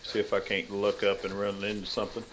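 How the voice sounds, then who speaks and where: A man's voice: on the low side, monotone, quick pace, fairly bright tone, a little hiss or hum, low-quality recording. A man hosting a hunting game stream, chatting casually and teasing his guest. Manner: joking, teasing, laid-back. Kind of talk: casual gameplay chat.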